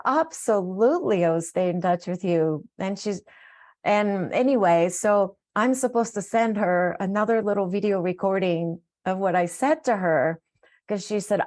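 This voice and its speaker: A wellness coach in middle age speaks at a medium pitch, winding through an emotional, rambling story on a recorded live call and restarting sentences again and again.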